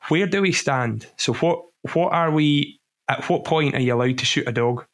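A man hosting a casual podcast interview, speaking in a measured way and restarting his sentences as he searches for words. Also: fairly high pitch. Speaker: podcast host.

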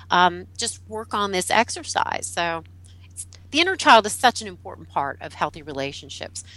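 A middle-aged woman guest who teaches about relationships, telling a personal story in an animated way, laughing and acting out what people said. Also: on the low side, no room sound, rough recording. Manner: animated, laughing, acts out quotes. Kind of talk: storytelling in a podcast interview.

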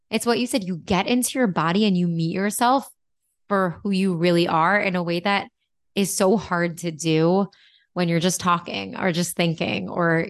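Chatty woman host, lowish voice. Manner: chatty, agreeing, enthusiastic. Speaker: podcast host. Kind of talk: casual interview chat.

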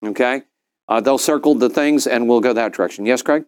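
A man's voice: mid-range voice, a little fast, smooth. A middle-aged man speaking to a business group, telling stories and acting out other people's lines in a raised voice. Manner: animated, acts out quotes in a raised voice. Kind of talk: storytelling talk to a group.

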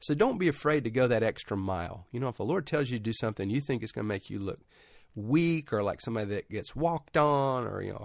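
A middle-aged male preacher talks through his sermon like a chat, drifting into stories and casual asides. His voice is mid-pitched and recorded close and dry, with no room sound, and it climbs higher when a story turns emotional. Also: animated, fast, creaky, no echo. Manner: informal, rambling, many "you know" asides.

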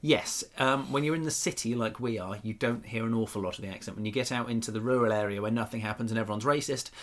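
Bloke hosting a podcast, mid-pitched, chatty and jokey, rambles on. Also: male voice, quick pace. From Norfolk, England. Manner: jokey, rambling, laughs often. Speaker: podcast host. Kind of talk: casual chat.

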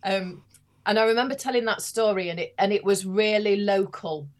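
A woman priest with a regional English accent reflects candidly and wryly on her experiences in a conversational interview. She speaks in a mid-range voice at a moderate pace.

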